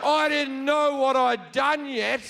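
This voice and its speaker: An Australian man doing profane, animated stand-up storytelling on a theatre stage. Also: very high-pitched, takes it slowly, creaky, slight background noise. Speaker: stand-up comedian.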